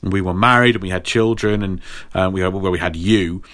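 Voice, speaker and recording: A man's voice: deep voice, fairly even intonation, a little fast, a bit bright. A man recapping a story in a rambling, playful way for a podcast. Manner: rambling, playful, many ums. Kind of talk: comic plot recap.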